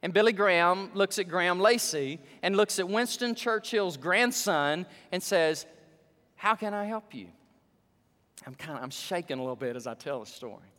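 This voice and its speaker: Impassioned pastor in a reverberant hall. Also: male voice, moderate pace, few pauses, a bit bright. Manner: impassioned preaching, voice surging up for emphasis and dropping low. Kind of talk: sermon.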